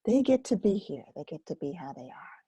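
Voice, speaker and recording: An older woman hosting a self-care webinar, speaking softly and slowly in a soothing way and sometimes dropping to a whisper. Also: lowish voice, very animated, husky. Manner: soft, slow and soothing, drops to a whisper. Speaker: webinar host and Focusing teacher.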